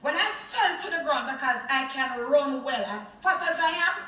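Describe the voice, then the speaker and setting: A woman's voice: high voice, normal speed. A woman with a Jamaican accent telling a vivid personal story in an interview. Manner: animated, vivid retelling. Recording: echoey room, far from mic.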